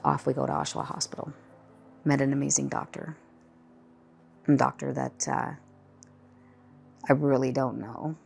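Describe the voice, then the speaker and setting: A middle-aged woman with a low, gravelly voice tells her cancer story in a candid, conversational way. It is a personal testimony, with faint music underneath. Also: level tone, normal speed, pauses often, darkish tone.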